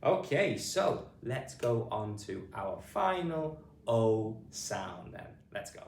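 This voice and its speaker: A man's voice: medium pitch, sing-song, takes it slowly, vocal fry, a little mellow. A man with a British accent teaching phonics, patiently saying each word and spelling it out letter by letter. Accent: British English. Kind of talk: slow spelled-out pronunciation lesson. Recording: roomy sound, mic at a distance, faint noise behind.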